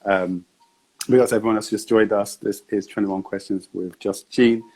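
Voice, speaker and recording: A male host runs a casual sit-down interview in a fairly low voice with a husky edge. He is relaxed and laughs often between questions. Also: normal speed, poor audio.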